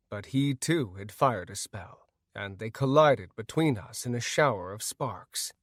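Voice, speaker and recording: A male narrator reads a first-person fantasy audiobook with expressive drive. His pitch moves freely across each sentence. The sound is dry and close, from a booth. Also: no room sound.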